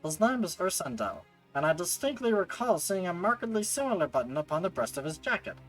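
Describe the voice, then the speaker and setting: A man reading aloud the lines of a stately woman guild master in a game, in measured, archaic phrasing. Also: sits high, big pitch swings, faint music behind.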